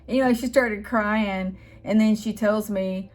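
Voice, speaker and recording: A woman's voice: mid-range voice, steady tone, moderate pace, hardly any pauses, faint music behind. Earnest rambling woman vlogger. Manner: earnest, rambling, talks with hesitations and restarts. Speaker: channel host. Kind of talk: casual spiritual storytelling vlog.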